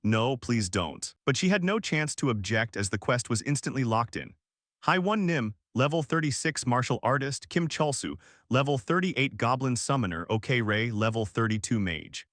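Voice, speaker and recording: Lively male recap narrator. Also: mid-range voice, no room sound, studio quality. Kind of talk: scripted narration.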